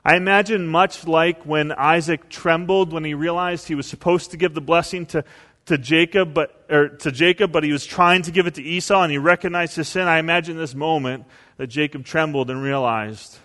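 A male pastor preaching a sermon, telling stories and acting out quotes with big swings in pitch and volume. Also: steady tone, normal speed, fairly bright tone, in a large hall.

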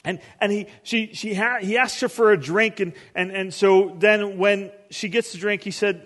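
A man's voice: high voice, steady tone, normal speed, hardly any pauses, a bit bright. Rambling man preaching in a reverberant hall. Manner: rambling and conversational, acts out little scenes. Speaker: pastor. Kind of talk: casual sermon.

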